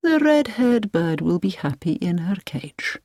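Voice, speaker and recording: A woman's voice: medium pitch, big pitch swings, a little mellow, no echo, studio quality. Woman reading as a soothing, menacing old man. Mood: calmly menacing. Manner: slow, measured, soothing. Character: calm, businesslike elderly man, softly menacing captor.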